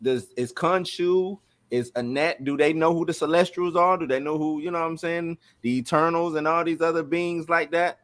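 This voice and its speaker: A man co-hosting a casual show review, talking in a relaxed, conversational way. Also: fairly high pitch, normal speed. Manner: relaxed, conversational, "you know what I'm saying". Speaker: podcast co-host. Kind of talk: casual chat.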